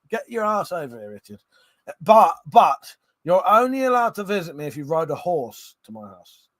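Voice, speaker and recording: Lively, tipsy man chatting on a livestream. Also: a little high, normal speed, no room sound. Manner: laughs often and swears freely. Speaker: livestream host. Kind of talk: casual live-stream chat reading viewer comments.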